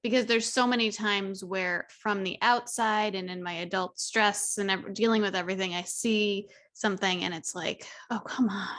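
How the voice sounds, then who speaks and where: A woman's voice: medium pitch, steady tone, normal speed, hardly any pauses, fairly bright tone. A woman hosting a podcast interview, enthusiastic and affirming toward her guest. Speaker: podcast host.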